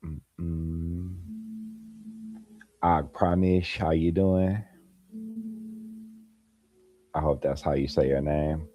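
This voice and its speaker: Deep, slow, laid-back male streamer. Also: fairly even intonation, mellow, lo-fi sound, soft background music. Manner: laid-back, laughs often, addresses viewers by name. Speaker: livestream host. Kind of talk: late-night casual livestream chat. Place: home at night, holding a light.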